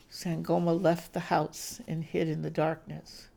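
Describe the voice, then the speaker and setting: A woman who hosts a podcast, reading a suspense story in a deliberate, suspenseful way. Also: deep voice, level tone, vocal fry, dark tone. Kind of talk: scripted story narration.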